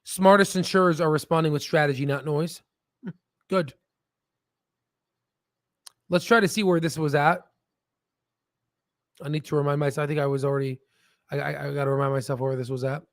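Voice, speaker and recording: Host, male, high-pitched voice, casual rambling stock commentary with jokes and frequent "right?", dry close sound. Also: fairly even intonation, normal speed, pauses often, dry recording. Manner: rambling, jokey, keeps asking "right?". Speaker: stock market video host.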